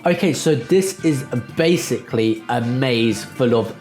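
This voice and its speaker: A man hosting a casual let's play, cracking jokes and talking straight to his audience with loose fillers. His mid-pitched voice sits in a roomy, echoing room, with faint music underneath. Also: a little slow, a little mellow. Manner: chatty, jokey, uses "guys" and "um". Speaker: gaming channel host.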